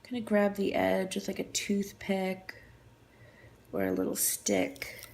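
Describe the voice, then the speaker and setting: A woman's voice: medium pitch, very animated, slow, vocal fry, noisy background. A woman talking through a nail art tutorial in a chatty, apologetic way, thinking aloud as she works. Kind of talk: casual tutorial narration.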